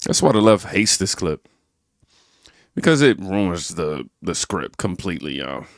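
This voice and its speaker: Deep voiced guy doing reaction commentary, swoops around a lot, preachy, dry close mic. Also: big pitch swings, a little slow, gravelly, no room sound. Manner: emphatic, preachy, addresses viewers as y'all. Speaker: reaction channel host. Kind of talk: commentary on clips.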